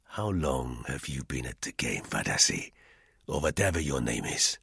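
A man's voice: a bass voice, very animated, moderate pace, gravelly, husky, no echo, voice pushed down, heavily acted. A man voicing an icy, sardonic spy. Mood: menacing. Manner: icy and acid, softly contemptuous. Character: cold, sardonic, menacing middle-aged male spy. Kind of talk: audiobook character reading.

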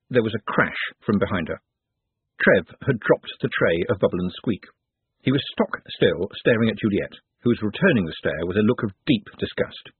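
A man reading an audiobook in a wry, highly expressive narration, heard over a tinny phone-like line. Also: normal speed, slightly rough, no echo. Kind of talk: scripted narration.

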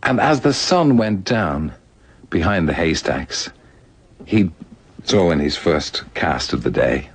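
A man's voice: sits low, lively intonation, slow, breathy edge, no echo. An older Irish man telling stories in a radio conversation, laughing often and slipping into little voices. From Ireland. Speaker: guest author.

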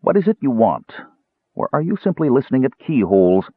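A man voicing a cold frail mage, brooding, measured, husky, thin tinny line. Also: mid-range voice, very animated, dry recording, pitched above the performer's own voice. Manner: measured, brooding, with sudden demanding edges. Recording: tinny phone-like band.

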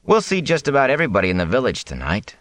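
A man reading an audiobook, voicing a cautious young apprentice who speaks slowly and doubtfully. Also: medium pitch, huge pitch swings, fairly bright tone, no echo, voice pushed up. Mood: skeptical. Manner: slow, doubtful. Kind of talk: audiobook character voice.

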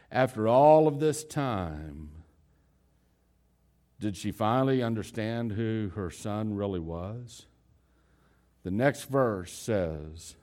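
A man preaches, relating a tale casually with hesitations and restarts; his voice shifts between loud, stressed passages and hushed, low ones.

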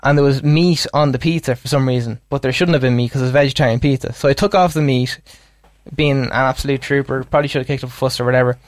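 A man's voice: medium pitch, steady tone, fast, no echo, studio quality. A man co-hosting a podcast, telling rambling holiday anecdotes in casual chat and laughing often. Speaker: podcast co-host.

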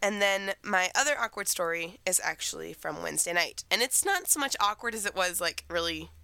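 A woman's voice: fairly low pitch, lively intonation, fairly quick, vocal fry, pushed and bright, clean tone, no room sound. A teenage girl co-hosting a podcast, chatting in a rambling way about her week while getting over a cold. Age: teens. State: recovering from a cold. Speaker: podcast co-host. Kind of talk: casual chat.

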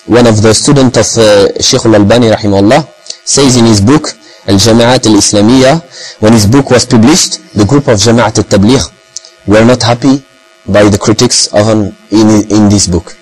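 A man for whom English is a tells a story in a loose, rambling way, full of fillers and phrases. His voice sits in a middle pitch. A steady mains hum runs under the recording. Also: poor audio. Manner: rambling, heavy use of fillers and Arabic phrases. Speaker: speaker recounting experiences. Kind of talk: casual talk in English.

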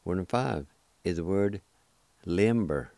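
A deep, mellow-voiced man teaches words slowly, breaking each into syllables and repeating them patiently. He sounds reassuring and unhurried. The sound is dry and close, like a small studio. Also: expressive, vocal fry, no room sound. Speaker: radio host teaching language. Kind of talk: slow word-by-word pronunciation lesson.

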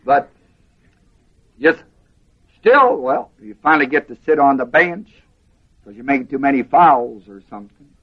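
A man's voice: medium pitch, animated, measured pace, pauses often, breathy edge, muffled recording. A man preaching a sermon to a class, emphatic and asking them questions. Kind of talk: sermon teaching.

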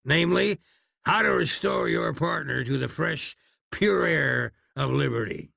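A man's voice: on the high side, lively intonation, measured pace, gravelly, pushed and bright, breathy edge, no room sound, full character voice. A man voicing a sly, scheming middle-aged frontier cowboy who talks in a folksy drawl.

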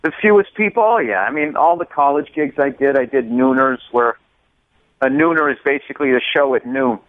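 A man's voice: medium pitch, normal speed, dry recording. A comedian telling stories in a casual interview, acting out voices as he goes. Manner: animated storyteller, acts out voices. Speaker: comedian guest. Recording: tinny phone-line sound, dry.

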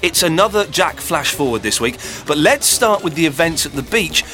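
A man hosting a podcast in casual chat, teasing and lively, often stumbling and repeating words. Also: a little high, normal speed. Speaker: podcast host.

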